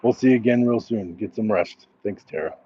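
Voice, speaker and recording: A man's voice: lowish voice, a little fast, highs cut off, a little hiss or hum. A middle-aged man walking outdoors at night, chatting casually on a livestream and reading viewer comments aloud in a laid-back, chuckling way. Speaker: livestream host. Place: outdoors at night, crickets around.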